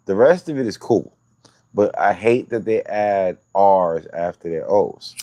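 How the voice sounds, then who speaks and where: A man's voice: deep voice, lively intonation, a little slow, dark tone, no echo. A man hosting a livestream, chatting casually with viewers in loose, profane, rambling banter. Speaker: livestream host.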